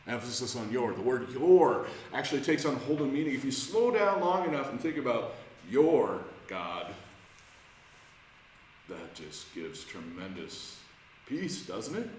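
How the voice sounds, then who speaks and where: A man's voice: medium pitch, very animated, unhurried, pauses often, a little mellow, a little hiss or hum. Conversational man teaching in an echoey church. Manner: conversational, hesitant, many restarts and questions to the group. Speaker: pastor leading Bible study. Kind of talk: informal Bible study teaching. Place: church room. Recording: echoey church room, faint ambience.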